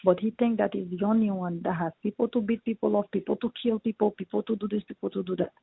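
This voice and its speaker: A man's voice: high voice, fairly even intonation, quick pace, gravelly, breathy edge, dry recording. A landlord, a man, retelling a dispute with indignation, repeating himself and acting out the arguments he had. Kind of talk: heated phone conversation. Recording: tinny dry phone line.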